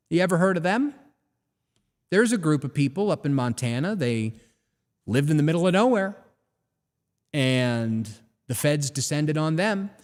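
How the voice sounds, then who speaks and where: Animated ranting male host. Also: on the high side, big-room sound. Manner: animated, ranting, rhetorical questions. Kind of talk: live show monologue.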